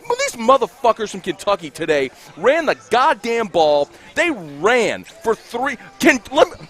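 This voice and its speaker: A man co-hosting a postgame sports radio show, ranting furiously and profanely, shouting and hammering his points. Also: very high-pitched, huge pitch swings, a little slow. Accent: Louisiana. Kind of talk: heated postgame talk radio rant. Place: cigar bar.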